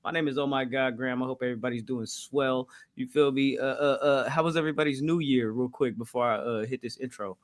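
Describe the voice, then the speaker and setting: A man's voice: medium pitch, fast, hardly any pauses. A man hosting a podcast, talking in casual slang and repeating "you feel me" as he opens the show. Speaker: podcast host. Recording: loud hip hop music behind. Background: hip hop music.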